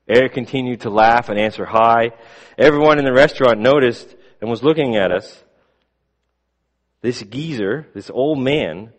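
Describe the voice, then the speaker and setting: A man preaching a sermon, telling a story in measured tones that fall soft at the ends of lines. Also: on the low side. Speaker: pastor. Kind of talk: sermon with a read-aloud story. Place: church sanctuary. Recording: long reverb of a church hall.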